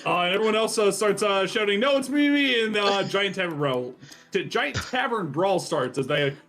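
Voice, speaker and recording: A high-voiced man running a tabletop game with playful narration. Soft music plays under him. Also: moderate pace. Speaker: game master.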